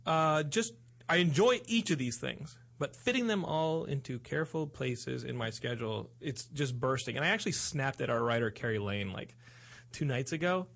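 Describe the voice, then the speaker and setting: A man hosting a podcast in casual chat, rambling and excitable. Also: mid-range voice, moderate pace, vocal fry. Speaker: podcast host.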